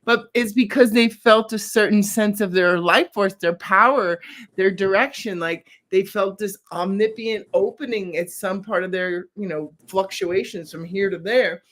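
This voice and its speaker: Casting: lively speaker, medium pitch, casual talk, acts out quotes while telling stories. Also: moderate pace. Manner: animated storyteller, acts out quotes. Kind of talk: casual group chat.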